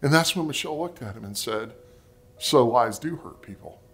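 A man in his forties preaching a sermon, telling family stories and ending in prayer, acting out quotes in a higher voice. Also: lively intonation, moderate pace, fairly bright tone, faint music behind. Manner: storytelling, acts out quotes in a higher voice. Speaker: pastor.

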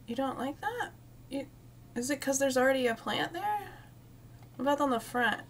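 At a normal pace, a young woman with a high, animated voice gives casual commentary while streaming a cozy game. She chats to the plants and giggles often, and a little background noise can be heard.

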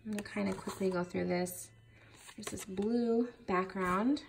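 A woman's voice: mid-range voice, steady tone, unhurried, vocal fry, a little hiss or hum. A young woman showing off craft supplies in a casual vlog, gushing over each item with lots of fillers. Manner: gushing, enthusiastic, many fillers. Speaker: craft vlogger. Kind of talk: casual haul video chat.

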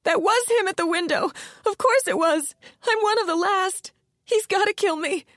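A woman doing a hoarse, panicked, haunted woman. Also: on the high side, normal speed, dry recording, clean studio sound, voice pushed up. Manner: frantic, pleading, rising into panic. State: hoarse, close to tears. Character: terrified, hoarse adult woman haunted by past trauma. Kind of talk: audiobook character voice.

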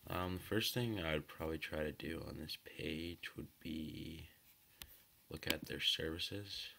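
Very deep gravelly man reviewing a website. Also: measured pace, pushed and bright, a little hiss or hum. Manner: casual, hesitant, many ums and likes. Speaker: website tester. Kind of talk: think-aloud website review.

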